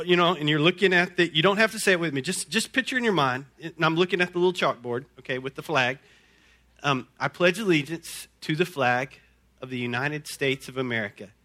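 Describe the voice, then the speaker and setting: A man preaching a sermon to a congregation, folksy and energetic, often repeating words as he talks. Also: sits high. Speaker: pastor.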